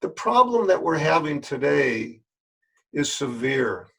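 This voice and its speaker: Older man with a gravelly, husky voice. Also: fairly high pitch, big pitch swings, slow, bright, forceful tone. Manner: folksy, earnest, repeats words for emphasis. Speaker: yoga teacher. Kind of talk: spoken address to camera.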